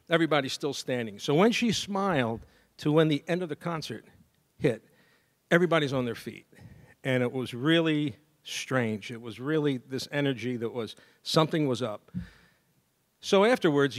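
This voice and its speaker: A man giving a graduation speech as a saxophonist, telling a story lively and scatting melodies. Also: mid-range voice. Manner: lively storyteller who scats melodies and acts out dialogue. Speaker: commencement speaker and saxophonist. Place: university degree ceremony.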